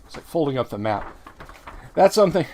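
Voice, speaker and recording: A man's voice: fairly high pitch, very animated, brisk, darkish tone. A middle-aged man hosting a casual livestream, talking in a rambling, chatty way and often correcting himself mid-sentence. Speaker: livestream host.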